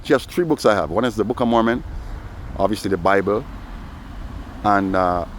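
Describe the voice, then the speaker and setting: A man talks in a loose, rambling vlog monologue, his voice sitting somewhat low. He is outdoors, peppering every thought with "you know", while faint traffic hums behind him. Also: normal speed. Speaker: vlogger. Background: faint traffic noise.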